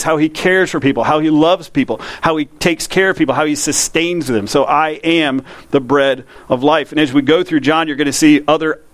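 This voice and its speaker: A man, a pastor preaching a conversational sermon that slows down to read scripture. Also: on the high side, no room sound.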